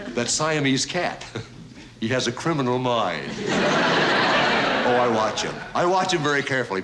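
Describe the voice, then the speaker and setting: A man hosting a variety show, telling a comic monologue in a folksy storytelling manner with drawn-out pauses for laughs. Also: fairly high pitch. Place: TV studio stage before a live audience. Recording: TV studio audience laughter, noisy broadcast.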